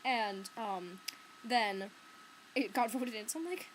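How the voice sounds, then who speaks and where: A woman's voice: a little high, slow pace, pauses often, a little hiss or hum, poor audio. A teenage girl chatting in her bedroom about books, full of "like" and "um", recorded on a laptop webcam. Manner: chatty, filler-heavy, lots of "like" and "um". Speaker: book vlogger. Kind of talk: casual vlog chat. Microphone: laptop webcam mic.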